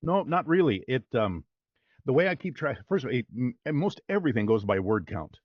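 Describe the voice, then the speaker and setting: A voice-over artist talking casually in an interview, upbeat and rambling with plenty of fillers. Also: male voice, mid-range voice, big pitch swings, brisk, no echo, dull audio.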